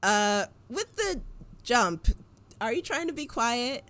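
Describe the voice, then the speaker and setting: A woman narrating a tabletop game as game master in a relaxed, hesitant way with many fillers. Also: fairly high pitch, slow.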